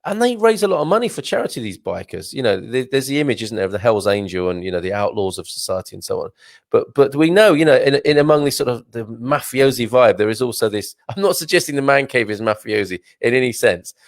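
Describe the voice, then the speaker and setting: Chatty man with a gravelly voice. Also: mid-range voice, animated, quick pace, no echo, clean studio sound. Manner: rambling, chatty, laughs often, many restarts. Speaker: host reading viewer comments. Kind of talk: casual live-stream chat.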